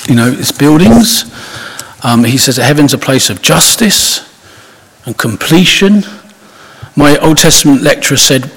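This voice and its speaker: A man preaches in a loose, chatty way, circling back with restarts and asides. His voice is a little husky. It rings out with a long reverb, as if recorded in a large church. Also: a little high, expressive, a little slow, long pauses, a bit bright. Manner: conversational, rambling with many restarts and asides. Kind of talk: informal sermon.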